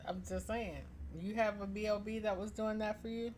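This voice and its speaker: A woman reading a story aloud on a live stream, expressive and chatty, pausing to joke with her listeners. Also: medium pitch, a little hiss or hum.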